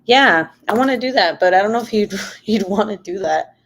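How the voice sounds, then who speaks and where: A young woman YouTuber rambles casually while crafting during a late-night livestream, swearing freely as she chats. Her mid-range voice is lively in intonation and a little fast.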